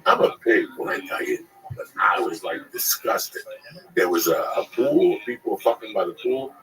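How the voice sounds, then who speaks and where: A male comedian telling crude, animated stories in casual chat, acting out the people in them. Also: mid-range voice, moderate pace, a crowd in the background, low-quality recording.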